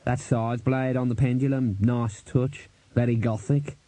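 Audiobook raven, man doing it, fussy trivia buff, nervous, slow chatty lines, dry sound. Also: mid-range voice, steady tone, mellow, dry recording, lightly acted. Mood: pedantic. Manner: chatty, pedantic trivia-spouting. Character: fussy know-it-all talking raven, nervous. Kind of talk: audiobook character voice.

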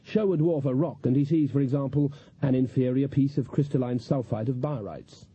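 A male audiobook narrator reading in a dry, measured manner. His voice sounds very husky and breathy, with middling pitch. The recording is slightly dull and lo-fi. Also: dark tone. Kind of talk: scripted narration.

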